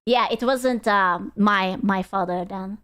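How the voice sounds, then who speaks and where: A woman's voice: mid-range voice, slow, fairly bright tone, clean tone. A young woman live-streaming, chatting casually in a rambling way, swearing freely and laughing often. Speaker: VTuber streamer.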